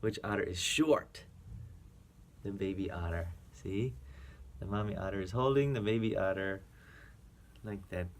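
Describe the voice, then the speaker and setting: A man reading a children's picture book aloud to a young child as a reading teacher, playful, with animal sounds and soft whispers. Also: low voice, measured pace, pauses often, slight background noise.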